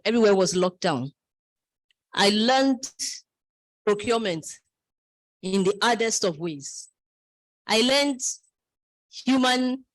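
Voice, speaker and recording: A middle-aged woman speaks at a graduation ceremony. She tells her stories with energy and slips into the voices of the people in them. Her voice sounds close and dry, with no room echo. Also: mid-range voice. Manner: storytelling, lively, quotes others in voices. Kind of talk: speech.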